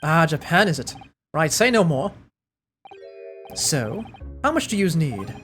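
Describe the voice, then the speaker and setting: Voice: mid-range voice, very animated, measured pace, a bit bright, soft background music. Streamer doing a brash Irish moneylender. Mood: swaggering. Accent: put-on Irish. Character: boastful wealthy Irish moneylender man.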